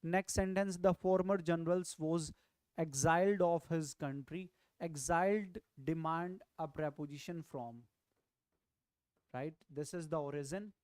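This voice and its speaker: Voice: mid-range voice, darkish tone, clean tone, no room sound. A tutor with an Indian English accent teaching a grammar lesson, explaining step by step, repeating key phrases and often checking "right?". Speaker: exam prep tutor.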